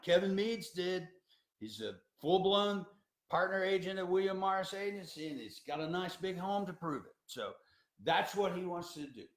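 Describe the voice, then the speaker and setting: A man who works as a tour coordinator gives an educational talk to students, in a folksy, emphatic storytelling style full of restarts. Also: high voice. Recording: roomy echo.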